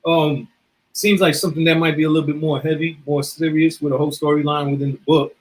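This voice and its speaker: A man co-hosting a casual chat who speaks politely and somewhat haltingly. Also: on the high side, level tone, a little hiss or hum, low-quality recording. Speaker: co-host.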